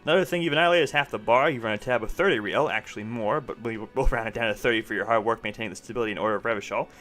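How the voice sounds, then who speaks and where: A man voicing an irritable, defensive cafeteria manager who argues back quickly, with faint game music behind. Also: mid-range voice, fairly bright tone, natural voice. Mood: brisk.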